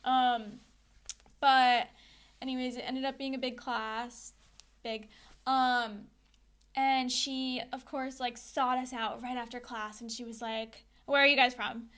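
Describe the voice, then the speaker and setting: A young American woman co-hosting a podcast. She tells stories in a chatty, easygoing way and says "like" often. Her voice sits a little higher than most women's. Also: flat delivery, slow, fairly bright tone, smooth. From United States. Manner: chatty, storytelling, frequent "like". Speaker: podcast co-host. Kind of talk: casual chat.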